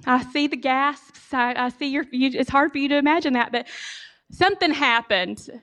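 A woman giving a storytelling sermon, animated and humorous, speaking directly to her audience. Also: sits high, normal speed. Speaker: speaker giving a church talk.

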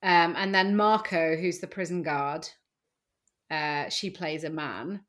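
A woman's voice: low voice, slow, a bit bright. A woman co-hosting a podcast in casual chat, chatty and self-deprecating. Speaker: podcast co-host.

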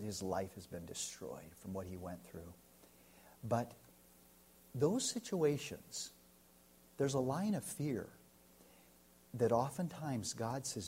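An American man, a pastor, preaching a sermon and telling a story, swinging from loud to hushed. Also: lowish voice, a little hiss or hum. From United States.

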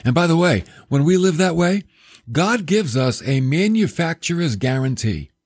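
A man preaching a sermon, telling stories in a lively, self-deprecating way. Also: fairly high pitch, normal speed, husky, dry recording, clean studio sound. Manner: storytelling, animated, self-deprecating.

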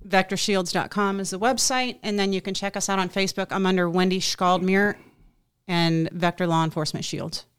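A woman co-hosting a casual podcast, speaking in a measured way with occasional fillers. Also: medium pitch, fairly even intonation, clean tone, dry recording, studio quality. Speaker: co-host. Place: Boston area.

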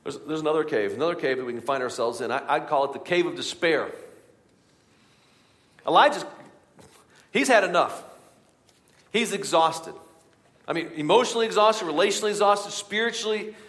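Male pastor preaching in a reverberant sanctuary, dynamic from hushed to loud urgent delivery, slightly high voice. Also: animated, a little fast, long pauses. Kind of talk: sermon. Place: church sanctuary. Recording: long hall reverb.

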